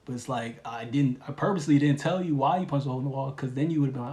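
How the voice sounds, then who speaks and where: A man giving a casual spiritual reading, talking in a relaxed, rambling way with slang and lots of fillers. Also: medium pitch, quick pace, gravelly, roomy sound. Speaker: tarot reader.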